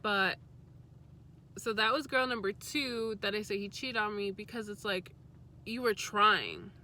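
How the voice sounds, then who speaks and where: A young adult woman vlogger telling a story in a casual, chatty way, candid and quick to swear. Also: mid-range voice, expressive, sharp tone.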